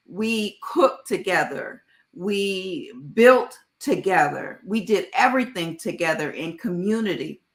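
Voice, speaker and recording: A woman speaking as a panelist in a live video conversation, earnest and reflective, pausing often with fillers. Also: mid-range voice, a bit bright. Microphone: video call.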